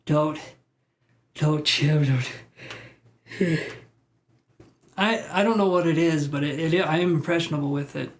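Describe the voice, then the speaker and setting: A talkative man hosting a live tarot stream responds to viewer comments casually and off the cuff, wandering from one thought to the next. His voice is a little high, at a normal speed with frequent pauses, picked up on a basic streaming mic.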